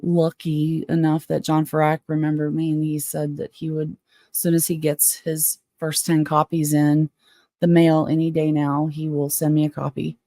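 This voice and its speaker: A woman's voice: low-pitched, completely flat delivery, warm tone, no echo, clean studio sound. Chatty woman hosting a live stream. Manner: chatty, frank, quick to get worked up. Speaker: livestream host. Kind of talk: casual live-stream chat, reading a book aloud.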